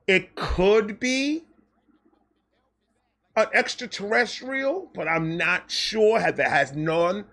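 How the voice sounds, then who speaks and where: A man with a high-pitched voice tells a comedic storytime monologue. He is animated and profane, jumping into quoted voices as he goes. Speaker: storytelling host.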